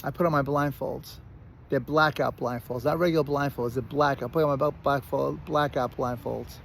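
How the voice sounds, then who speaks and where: A man with a Brooklyn accent telling a personal story in a casual, animated way, often restarting and repeating words. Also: mid-range voice, normal speed, vocal fry, slight background noise. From Brooklyn, New York. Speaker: recovery speaker.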